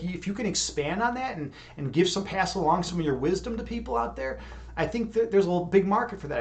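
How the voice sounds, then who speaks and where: A male streamer from Chicago with a voice on the high side leads a meditation during a casual live-stream chat. He rambles, swears, laughs often, and restarts his words.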